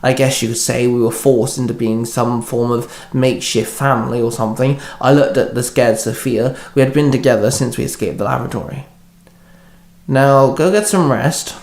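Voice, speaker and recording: A man narrating a first-person fanfic story with steady, plain reading. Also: mid-range voice, fairly quick, gravelly, few pauses. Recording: echoey room.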